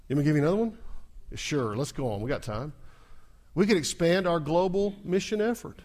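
A pastor preaches a sermon in a slightly high, animated voice at a fairly quick pace. He works the congregation with repeated call-and-response lines, swinging from soft asides to loud, rising exclamations.

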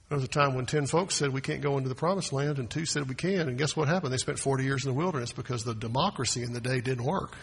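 A man preaching a sermon as pastor, swinging from quiet asides to loud, emphatic proclamations. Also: medium pitch, fast talker, few pauses, a little hiss or hum. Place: church sanctuary. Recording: long hall reverb.

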